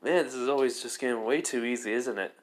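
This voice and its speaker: A cocky young adventurer taunts his foes in an easy, amused tone, calm even in danger. His voice sits at an ordinary male pitch, as a man puts him on in a spoken fan story. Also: quick pace, lightly acted. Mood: smug. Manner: relaxed, cocky, chuckling.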